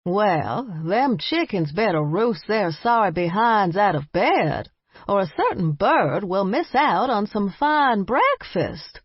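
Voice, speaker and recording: A woman's voice: medium pitch, very animated, slow, slightly rough, no echo, full character voice. A woman voicing an older grandmother with a folksy, scolding, affectionate drawl, recorded a little muffled. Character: warm bossy Southern grandmother, older woman.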